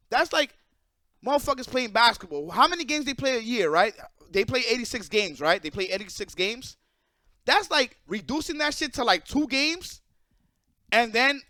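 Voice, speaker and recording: A young man ranting casually and bluntly to his viewers, profane and animated. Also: extremely high pitch, no room sound, clean studio sound. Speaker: esports player and streamer.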